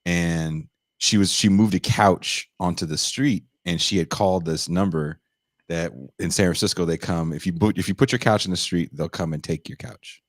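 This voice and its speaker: A man's voice: deep voice, normal speed, no echo, studio quality. A man co-hosting a podcast, telling a story in casual chat and acting out the people in it with raised voices. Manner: animated, acts out quotes in raised voices. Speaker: podcast co-host.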